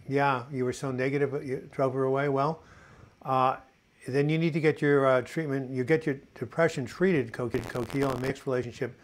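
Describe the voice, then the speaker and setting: He's an American in his sixties leading a laid-back live video chat about mental health, where he reads comments from viewers and drops corny puns and jokes. His mid-range voice is steady, and his pace is moderate.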